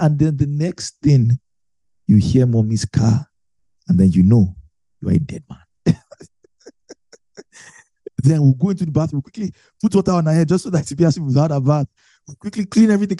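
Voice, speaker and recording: A man's voice: on the high side, lively intonation, brisk, pauses often, warm tone, no echo. A man preaching a conversational Bible teaching, chatty and self-correcting, laughing often.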